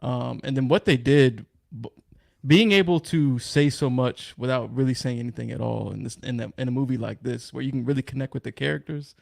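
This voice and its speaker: A man's voice: mid-range voice, a little fast, gravelly, darkish tone, no echo, studio quality. A man chatting casually as a podcast guest, laid-back and easygoing with slangy phrasing.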